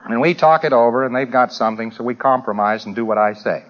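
An American man lectures to a live audience in a mid-range voice, talking fast and rambling humorously with dry asides. Crowd noise is audible on this dull, lo-fi old recording.

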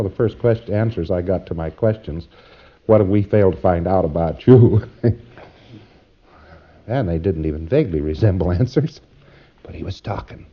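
A man lectures trainees in a folksy, wry way, now and then acting out quick back-and-forth exchanges. His voice sits on the low side. The sound is dull and muffled, like an old tape recording.

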